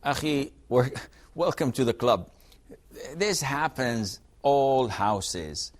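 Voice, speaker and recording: Male TV scholar, mid pitch, emphatic advice, acts out little dialogues. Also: animated, slow. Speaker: religious scholar answering questions. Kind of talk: TV call-in religious advice.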